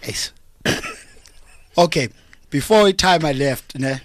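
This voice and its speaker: A South African man, a comedian guest in a radio studio, telling jokes in a deadpan storytelling way. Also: fairly high pitch, slow pace. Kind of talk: joking radio interview chat. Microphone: studio microphone.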